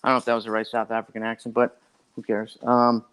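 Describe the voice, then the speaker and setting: A man's voice: medium pitch, fast, clear, resonant tone. Chatty man telling a long story. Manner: rambling and animated, acts out others' lines, many "like" fillers. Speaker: podcast guest. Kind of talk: casual storytelling.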